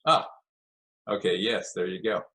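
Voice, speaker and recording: A man's voice: deep voice, unhurried, sharp tone. An older man, a podcast guest, telling long anecdotes in a casual interview and acting out what others said. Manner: rambling anecdotes with acted quotes.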